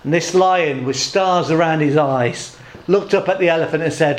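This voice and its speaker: A man's voice: on the high side, echoey room. A man preaching a sermon at a church service, telling jokes and speaking in short, paced phrases. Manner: jokey storytelling, pausing in short phrases.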